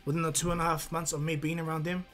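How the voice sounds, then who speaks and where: Guy rambling through a fan story, casual, slightly high voice, faint music behind. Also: little pitch movement, racing, fairly bright tone. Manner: rambling, many restarts and fillers. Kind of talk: casual improvised fan-fiction narration.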